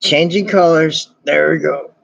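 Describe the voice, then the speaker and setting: A man's voice: a little high, steady tone, a little slow, gravelly, a bit bright, dry recording, dull audio. A man streaming and chatting casually, giggling and laughing constantly between his phrases. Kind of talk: casual chat.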